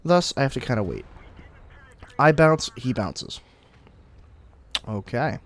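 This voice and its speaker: A young man giving casual, explanatory commentary over his own gameplay, breaking into sudden excited outbursts now and then. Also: mid-range voice, slow. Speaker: gaming commentator.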